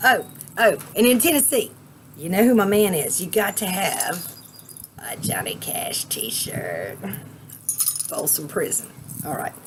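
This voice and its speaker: A woman vlogging casually outdoors at a cabin, chatty and excitable, rambling with fillers. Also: mid-range voice, measured pace, long pauses, slight background noise. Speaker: vape vlogger. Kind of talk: casual vlog chat.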